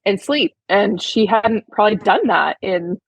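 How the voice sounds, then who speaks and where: Chatty husky-voiced woman telling a story. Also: mid-range voice, expressive, measured pace, no room sound, low-quality recording. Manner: chatty, heartfelt, many "like" fillers. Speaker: podcast guest, horse trainer. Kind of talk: casual storytelling interview.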